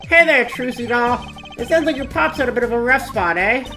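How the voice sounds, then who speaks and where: A woman doing a loud, brash noodle vendor. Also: fairly high pitch, lively intonation, brisk. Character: loud brash middle-aged man, pushy noodle vendor. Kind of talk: reading game dialogue aloud on a stream. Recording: music playing behind the voice.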